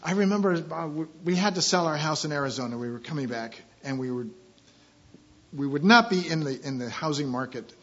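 A man preaching a sermon, repeating key phrases and swinging from quiet asides to loud, emphatic scripture reading. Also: fairly high pitch, animated, a little fast, lo-fi sound.

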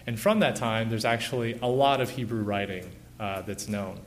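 A man in his thirties giving an informal illustrated lecture, relaxed, with many "uh" and "you know" fillers. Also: lowish voice, normal speed, a little hiss or hum.

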